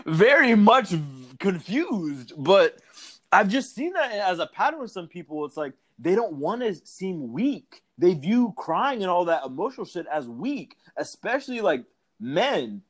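A man's voice: high voice, very animated, unhurried. A young man co-hosting a podcast, chatting candidly and profanely, laughing often. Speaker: podcast co-host. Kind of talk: casual chat.

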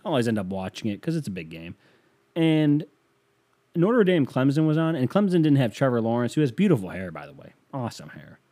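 A man's voice: mid-range voice, very animated, fairly quick, mellow. A man hosting an audio podcast in a casual comedic monologue, swearing often and laughing at his own jokes. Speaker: podcast host.

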